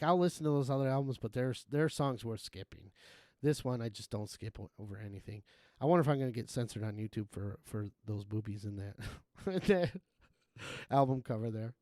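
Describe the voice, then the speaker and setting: A man hosting a live game stream, rambling and swearing freely as he chats, often breaking into chuckles. His voice sits at an ordinary middle pitch, and the sound is close and dry, with no room around it. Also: a little mellow, no echo. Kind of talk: casual gaming-stream chat.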